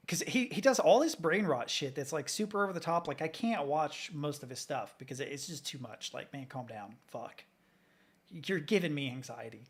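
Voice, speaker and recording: A man's voice: a little high, husky. A man from Kentucky reacting casually to videos as a streamer, chatty, swearing freely and laughing often.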